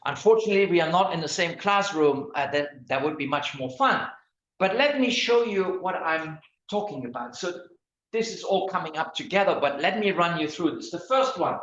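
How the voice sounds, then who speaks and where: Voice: medium pitch, expressive, normal speed, fairly bright tone. A lecturer giving an online class on academic writing, often stopping to restart words and asking the listeners questions. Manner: hesitant, many restarts and repeated words; asks the audience questions. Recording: echoey, dull lo-fi room sound.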